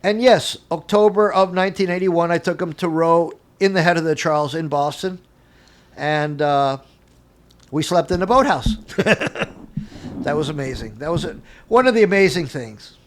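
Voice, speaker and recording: An older man, a guest on an interview show, telling animated anecdotes from his career and acting out the dialogue with frequent chuckles. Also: a little high, normal speed, a little hiss or hum. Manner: acts out dialogue in quotes. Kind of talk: casual storytelling interview.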